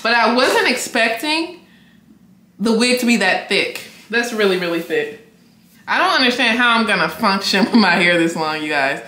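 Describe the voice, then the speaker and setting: A young woman, chatting excitedly in a casual unboxing vlog and often breaking into laughter. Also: medium pitch, moderate pace. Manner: excitable, laughing, squealing bursts. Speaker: beauty vlogger. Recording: echoey room with faint noise.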